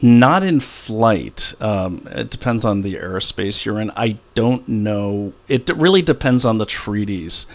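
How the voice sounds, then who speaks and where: A man's voice: on the low side, expressive, measured pace, hardly any pauses. A middle-aged man in casual conversation as a guest, rambling through stories with frequent restarts. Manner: rambling, anecdotal, many restarts.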